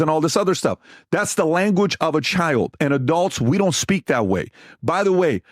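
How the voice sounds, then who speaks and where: A middle-aged man hosting a podcast, with a raised and very lively voice that swings up and down. He tells stories with emphasis, repeats himself and acts out conversations, close and dry on the mic. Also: on the high side, fairly quick, dry recording. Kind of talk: animated storytelling chat.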